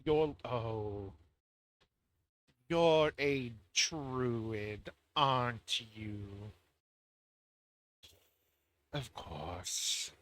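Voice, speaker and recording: A man voicing a snooty female tailor who is quick with insults and talks in a dismissive, cutting way. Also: medium pitch, fairly bright tone, close to an everyday voice. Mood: scornful.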